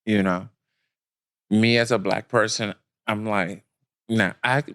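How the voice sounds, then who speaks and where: Low-voiced man talking bluntly. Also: fairly even intonation, slow, a bit bright. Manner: blunt and emphatic, thinks aloud with many restarts. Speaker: podcast guest. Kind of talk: casual discussion.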